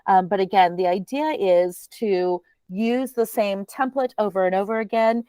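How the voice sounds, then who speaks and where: A woman presenting a teacher training webinar in a chatty, relaxed way, with many ums. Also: mid-range voice, normal speed, smooth, dry recording.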